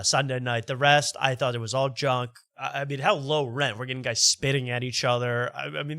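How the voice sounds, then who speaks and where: A man's voice: mid-range voice, bright, forceful tone, no room sound, clean studio sound. A man hosting a late-night show, talking in a rambling way that keeps interrupting itself and stumbling over repeated words. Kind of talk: casual late-night monologue.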